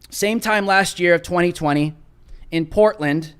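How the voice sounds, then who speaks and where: High-pitched guy ranting on his live show, sarcastic and worked up. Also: a little slow, fairly bright tone, clean tone. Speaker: host. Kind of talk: live political commentary monologue.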